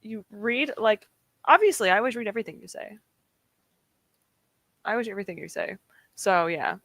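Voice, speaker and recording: Her voice mid-range and fairly bright, a young woman chats briskly with viewers during a reading stream at her home desk. Her intonation is lively, she giggles often and responds to the live chat, and the recording is dry.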